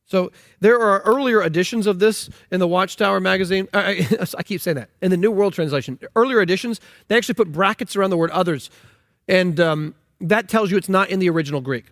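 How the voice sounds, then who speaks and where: A man's voice: sits high, fast talker, fairly bright tone, no echo, clean studio sound. A man preaching a sermon on scripture, emphatic and incredulous, with frequent restarts. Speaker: pastor.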